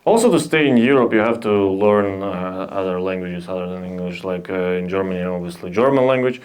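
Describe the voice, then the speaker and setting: A young man from Belarus with a Belarusian accent, doing a halting, deadpan stand-up set at a comedy club. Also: low-pitched, smooth. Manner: deadpan, halting, with restarts and self-deprecating asides. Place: comedy club stage with a laughing audience. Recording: live club audience laughter.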